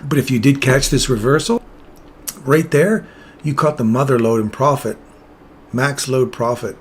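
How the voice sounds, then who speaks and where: A man's voice: medium pitch, normal speed, a little hiss or hum. Casual man talking through live trades. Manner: casual, chatty, explains while greeting chat viewers. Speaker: trading streamer. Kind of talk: live trading commentary.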